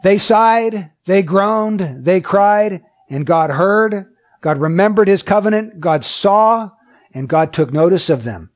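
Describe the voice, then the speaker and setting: High-voiced man preaching an emphatic sermon. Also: animated, takes it slowly. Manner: asks the listeners many questions; emphatic and repetitive.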